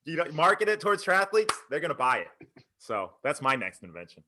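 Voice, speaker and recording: Man, bright, higher-pitched, teasing host, live video-call podcast. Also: fairly quick. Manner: playful, teasing, animated. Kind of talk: joking live podcast banter.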